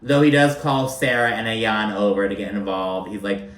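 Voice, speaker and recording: A man's voice: on the low side, moderate pace, a bit bright, roomy sound. A man giving casual, profane commentary on a reality show, talking loosely and filling his speech with "like". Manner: profane, chatty, filler-heavy with constant "like".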